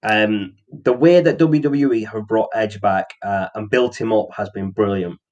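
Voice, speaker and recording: Man, casual wrestling chat, lowish pitch, halting, lots of fillers. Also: darkish tone, lo-fi sound. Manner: rambling, frequent ums and restarts. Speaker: podcast co-host.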